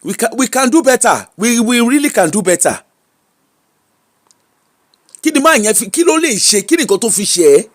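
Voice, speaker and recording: A woman's voice: fairly high pitch, big pitch swings, brisk, long pauses. Exclamatory Nigerian woman gossip host. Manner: exclamatory, mixes Pidgin and Yoruba into English. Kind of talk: casual celebrity gossip commentary.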